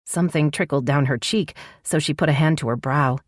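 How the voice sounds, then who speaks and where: A woman narrating an audiobook romance in a measured storytelling voice. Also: low voice, no echo, clean studio sound.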